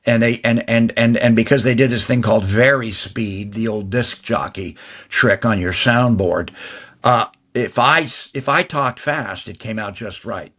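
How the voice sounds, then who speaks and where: An older man, a guest actor, telling long stories in an interview, talking fast and restarting phrases as he goes. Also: mid-range voice, a bit bright. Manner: fast, rambling talker who restarts mid-phrase. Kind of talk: anecdotal interview storytelling.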